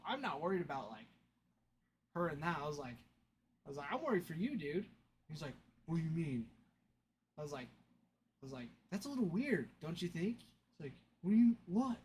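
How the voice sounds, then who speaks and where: A young man talks casually while running a card-opening livestream, chatting and thanking viewers. His voice sits a bit high. A faint hum of room sound stays behind him. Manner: chatty storyteller, laughs often, thanks viewers. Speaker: card break livestream host.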